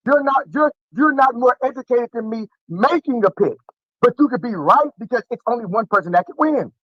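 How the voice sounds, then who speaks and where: Brash fast-talking man, high voice. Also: expressive, no room sound, highs cut off. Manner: brash, combative, repeats himself. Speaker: show host. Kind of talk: heated casual debate.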